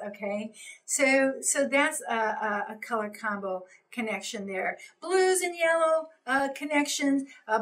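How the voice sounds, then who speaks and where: A woman's voice: fairly high pitch, fairly bright tone, poor audio. A middle-aged woman giving a recorded training talk, coaching with many fillers and restarts. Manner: coaching, gestures while explaining, many fillers.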